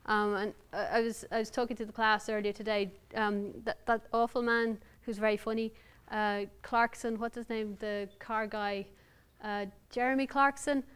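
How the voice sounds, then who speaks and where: Wry Irish woman novelist, clear voice. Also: fairly high pitch, little pitch movement, normal speed. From Ireland. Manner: candid, wry and self-deprecating. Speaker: novelist giving a reading. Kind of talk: reading aloud then answering audience questions. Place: university lounge before an audience.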